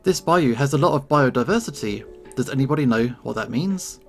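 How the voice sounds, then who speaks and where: A man's voice: mid-range voice, expressive, fairly quick, soft background music, lightly acted. A man voicing an awkward, fussy female schoolteacher who talks in an overly cheerful, lilting way. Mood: chirpy.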